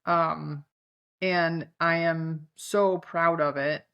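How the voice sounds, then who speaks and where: A woman's voice: sits low, steady tone, very slow, clear, resonant tone, lo-fi sound. A woman with a Chicago accent, a podcast guest talking candidly and with self-deprecating humor, with many fillers. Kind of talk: casual interview chat.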